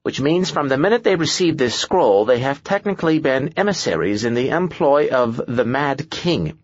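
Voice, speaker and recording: A man's voice: mid-range voice, very animated, normal speed, no echo, dull audio, voice pushed up. A man voicing a pedantic, precise male scholar in an audiobook, who speaks with dry gloom.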